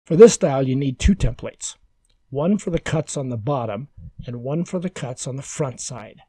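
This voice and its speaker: A man giving calm, measured, step-by-step woodworking instructions as a scripted voice-over. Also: mid-range voice, husky, no echo.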